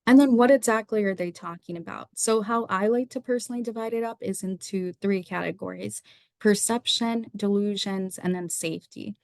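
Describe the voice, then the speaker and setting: A woman's voice: medium pitch, normal speed, creaky, darkish tone, no room sound, clean studio sound. A young woman, a psychiatry resident, teaching medical students through a slide lecture, running through lists of questions in an explanatory way. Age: young adult.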